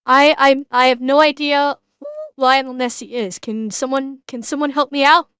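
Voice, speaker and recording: High-pitched woman streamer ranting and swearing, dry close sound. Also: steady tone, normal speed, fairly bright tone, no room sound. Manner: blunt, heavy swearing, indignant. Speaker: streamer reacting to a video. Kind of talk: ranting reaction commentary.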